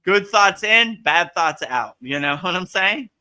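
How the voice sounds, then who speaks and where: Man, spiritual teacher on a live Q&A; very bright, ringing tone, casual and animated delivery. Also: sits high, a little slow. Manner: casual, animated, frequent "you know" and "right?"; acts out voices playfully.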